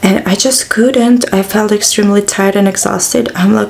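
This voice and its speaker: Slow, chatty tired woman vlogging. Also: mid-range voice, gravelly, darkish tone. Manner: chatty, rambling, sighs and exclaims often. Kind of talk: casual chat to camera.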